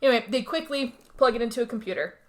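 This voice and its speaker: A young woman co-hosting a podcast, telling a movie plot in casual chat, animated and swearing, acting out the characters' lines. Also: fairly high pitch, fast. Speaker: podcast co-host recapping a movie.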